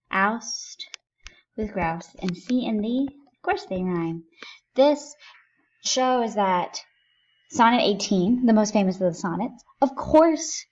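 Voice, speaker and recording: A woman teacher giving a recorded lesson, explaining a poem line by line and stressing key words. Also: mid-range voice. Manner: deliberate, stresses key words with rising emphasis. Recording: dull lo-fi recording.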